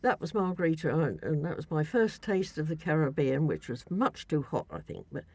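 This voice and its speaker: Woman, gravelly voice, rambling travel anecdotes, dry recording. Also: deep voice, very animated, brisk, a little mellow, dry recording. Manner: rambling with restarts. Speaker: guest recounting travels. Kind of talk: casual chat.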